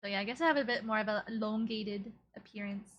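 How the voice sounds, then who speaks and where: A woman's voice: medium pitch, fast talker, muffled recording. A young woman streamer chatting casually as she reacts to old clips, giggling often and using playful baby talk.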